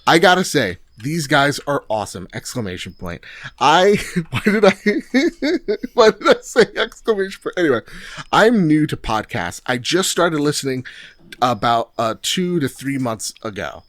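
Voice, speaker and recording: Guy cohosting a gaming podcast, jokey, reads reviews out loud, dry close sound. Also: a little high, very animated, unhurried, no room sound. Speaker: podcast co-host. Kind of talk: casual podcast chat.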